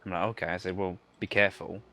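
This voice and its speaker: A man's voice: deep voice, little pitch movement, quick pace, vocal fry, pushed and bright. A man telling a long rambling anecdote with many fillers while playing a game with friends. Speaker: gamer telling a story. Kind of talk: casual chat over gameplay.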